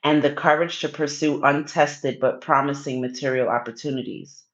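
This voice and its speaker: A woman's voice: sits low, steady tone, moderate pace, dull audio. A woman hosting a casual livestream, reading viewer comments and giving card readings in a teasing, coaxing, playfully pushy way.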